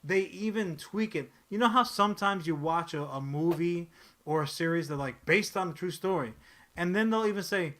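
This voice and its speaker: Male podcast co-host, somewhat high, forceful voice, swears freely, loose rambling delivery. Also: normal speed. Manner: animated, profane, rambling with frequent restarts. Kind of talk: casual pop-culture podcast chat.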